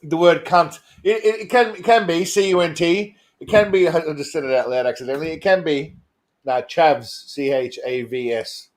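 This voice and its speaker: A man's voice: on the high side, moderate pace. An Australian man co-hosting a casual livestream chat, rambling and repeating himself and laughing often. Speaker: co-host of a livestream show.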